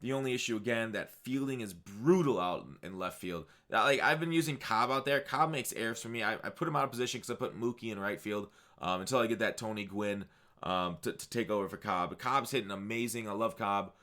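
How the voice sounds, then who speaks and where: This man's voice is lowish, bright, and forceful, moving a little fast as he hosts a gaming channel. Hiccuping, he rambles through his game picks in casual commentary, with plenty of fillers and restarts.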